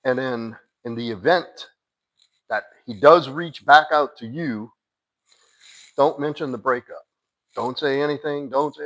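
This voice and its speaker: A man coaching a listener through a breakup, blunt and insistent. He keeps his voice at an ordinary middle pitch. His talk is casual and direct, with the odd curse word dropped in. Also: moderate pace, fairly bright tone, low-quality recording. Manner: addresses a listener by name, firm and insistent. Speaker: dating coach. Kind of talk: live-stream advice talk.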